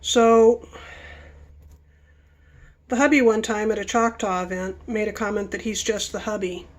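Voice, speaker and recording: A woman's voice: medium pitch, fairly even intonation, unhurried. Chatty rambling woman vlogger. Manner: chatty, self-interrupting; working with her hands while talking. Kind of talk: rambling casual storytelling.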